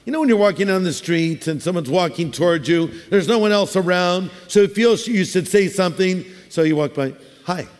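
A man preaching a sermon in a relaxed, conversational way, mixing scripture with humorous everyday asides. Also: high voice, brisk, few pauses. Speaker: pastor. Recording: long hall reverb.

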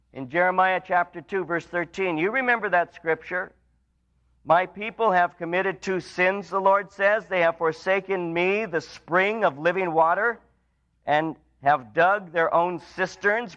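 A man preaching a sermon, rising for emphasis and dropping low and soft for quoted lines. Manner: rises in pitch and volume for emphasis, drops low and quiet for quoted lines. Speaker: pastor. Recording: dull, lo-fi sermon recording.

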